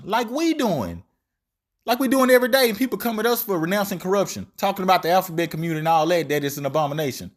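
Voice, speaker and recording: A man delivering a street-style sermon, animated and slangy. His voice sits high and leaps around a lot, and he acts out the quoted lines in shifting voices. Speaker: preacher.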